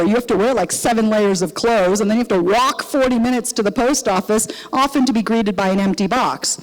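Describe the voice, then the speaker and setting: An older woman, a missionary speaker, giving an animated testimony in church and acting out the dialogue of her story. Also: medium pitch, fairly quick. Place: church sanctuary. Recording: long reverb of a church hall.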